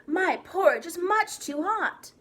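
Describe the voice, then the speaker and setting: A small dinosaur boy from a picture book, as a woman reads him plays at being a big bear, loud and blustery. His voice stays high and swings widely. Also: animated, slow pace, heavily acted. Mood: booming. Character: sulky little boy dinosaur playing Papa Bear. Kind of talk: storybook reading for children.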